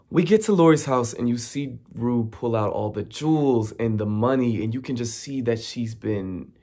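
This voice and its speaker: Guy doing a chatty tv recap, bit of fry in his voice, acts out the lines. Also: medium pitch. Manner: animated, mimics characters in quick asides. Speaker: recap vlogger. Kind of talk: casual TV recap.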